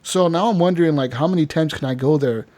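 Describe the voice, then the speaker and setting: A man hosting a gaming podcast, telling a story in an animated, profane, casual way with lots of fillers. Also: on the high side, quick pace. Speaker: podcast host.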